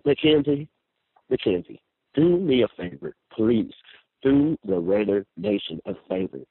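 Sick angry guy ranting on a phone line, husky voice, swings up and down a lot. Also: lowish voice, very animated, a little slow, dry recording. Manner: angry ranting, repeats himself. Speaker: caller. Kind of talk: phone-in rant.

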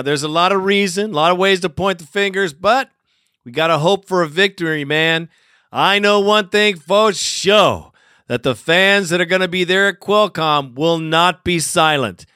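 A man's voice: high-pitched, sharp tone, clear, resonant tone, dry recording, studio quality. A man hosting a fan radio show, hyped and folksy, calling listeners partner and brother.

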